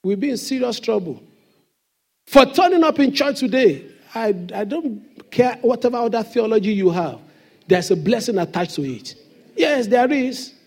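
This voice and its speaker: A man's voice: very high-pitched, lively intonation, moderate pace. A man preaching a sermon as pastor in a church, with emphatic call-and-response questions to the congregation.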